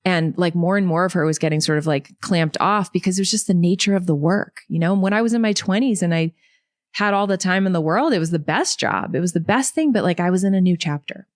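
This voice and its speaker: A woman in her thirties, a podcast guest, telling her life story in a lively, chatty way full of asides. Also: lowish voice, no room sound, clean studio sound. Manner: animated, quick storytelling with many likes and you knows. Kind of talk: storytelling in an interview.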